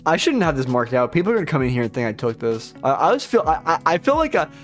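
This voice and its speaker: A man's voice: fairly high pitch, sing-song, fast talker, faint music behind. A young man trading on a live stream, rambling casually, swearing often, and poking fun at himself. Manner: rambling, profane, self-deprecating. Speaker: live-stream futures trader.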